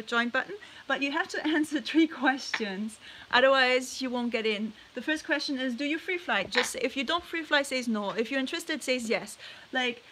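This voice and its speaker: A woman chatting casually on a livestream from her bedroom, cooing softly to her pet birds between remarks. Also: high-pitched, a little hiss or hum, low-quality recording. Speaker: parrot vlogger.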